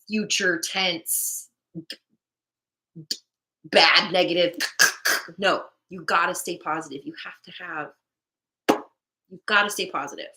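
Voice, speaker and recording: A young woman with a bright, crisp voice hosts a casual live stream, talking straight to her viewers. She is candid and swears freely, laughs often, and drops in the odd Spanish word. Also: fairly low pitch. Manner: mixes in Spanish words. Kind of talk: casual live stream chat about manifesting.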